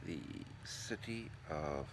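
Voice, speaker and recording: Deep-voiced man chatting in a vlog. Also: expressive, slow, a little hiss or hum. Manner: chatty, upbeat, rambling. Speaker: vlogger and writer. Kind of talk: casual vlog to camera. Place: apartment living room.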